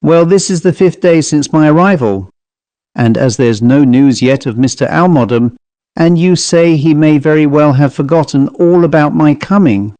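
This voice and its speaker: A man reading an audiobook, voicing a young male archaeologist in a relaxed, offhand way close to his own voice. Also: fairly high pitch, normal speed, dry recording, lightly acted.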